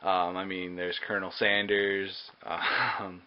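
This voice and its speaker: A man's voice: low voice, monotone, a little slow, clear, resonant tone. A man giving a casual movie review, hesitant and full of ums and uhs. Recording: dull lo-fi recording with faint hiss.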